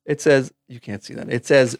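A man's voice: medium pitch, fairly even intonation, normal speed, dry recording, studio quality. A man co-hosting a podcast, chatting in an easygoing, rambling way over a video call. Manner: easygoing, rambling, many fillers. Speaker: podcast co-host. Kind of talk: casual podcast chat.

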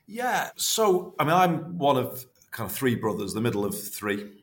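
A man, chatting warmly and rambling as a podcast guest, full of restarts. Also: medium pitch, big pitch swings, normal speed. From North West England. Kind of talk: casual interview reminiscing.

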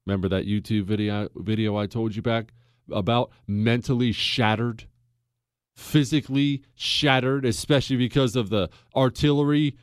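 A man's voice: steady tone, normal speed, clean tone, no room sound. American dude riffing on history for his show, folksy, goes up and down a lot, mid voice, super dry sound. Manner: folksy, wide swings in pitch and pace, rising for emphasis. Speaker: podcast host. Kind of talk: casual history talk.

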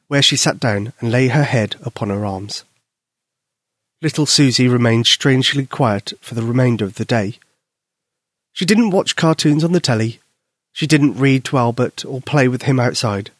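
A man gently and expressively narrating a children's story. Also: medium pitch, no room sound, studio quality.

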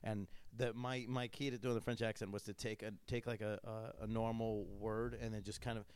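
Fast-talking joking man, low voice. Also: flat delivery, a little mellow, clear, resonant tone. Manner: crude, joking storyteller with lots of restarts. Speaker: podcast host. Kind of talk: casual chat.

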